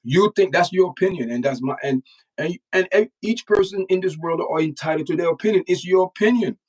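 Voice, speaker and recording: A man's voice: high-pitched, fairly quick, a little mellow, distant mic, poor audio. A man from Jamaica with a Jamaican accent, hosting a casual livestream and lecturing his chat with emphatic, repetitive phrasing. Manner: emphatic, repeats words, lectures the chat directly. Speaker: channel host reacting to news and chat.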